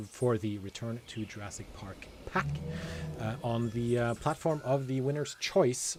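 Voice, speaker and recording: A man's voice: medium pitch, a little mellow, a little hiss or hum. A man hosting a game live stream, chatting casually and talking to the viewers in chat. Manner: chatty, rambling, addresses the chat directly.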